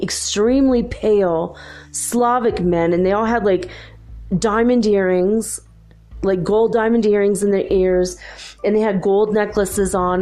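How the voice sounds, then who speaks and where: Middle-aged woman, podcast host, slow and animated storyteller, light music bed. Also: medium pitch. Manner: animated, laughs often, acts out her own panicked prayers. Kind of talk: casual storytelling.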